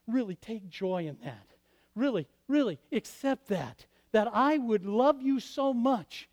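A man preaching a sermon as pastor, swinging from loud declarations to hushed, quiet passages. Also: high voice, big pitch swings, measured pace. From Michigan.

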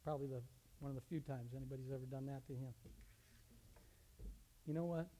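A man, a teacher, telling a personal story as a testimony, animated and with his voice rising sharply in the retold scenes. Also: medium pitch, a little fast, slight background noise. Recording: long reverb of a large hall.

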